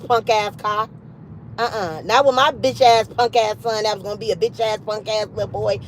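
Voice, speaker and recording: A high-voiced woman in her late thirties tells a livestream story with animated, profane emphasis. She hammers her points home and keeps piling on the cussing. Faint background noise sits under her voice. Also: low-quality recording. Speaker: livestream host.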